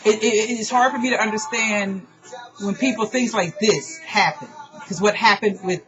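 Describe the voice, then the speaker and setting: A woman pours out her frustration in a raw, profane personal monologue, talking at a middling pitch. Her voice comes through a dull, lo-fi recording with faint music underneath. She sounds like an online radio host airing grievances to her listeners. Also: normal speed. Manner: emotional, profane, exasperated.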